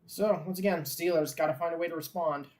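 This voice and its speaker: Frustrated fan calling the game, slightly high. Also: male voice, fast. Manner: frustrated fan grumbling, swearing, bursts of excitement on big plays. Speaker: host of a live game watchalong. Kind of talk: casual live game commentary.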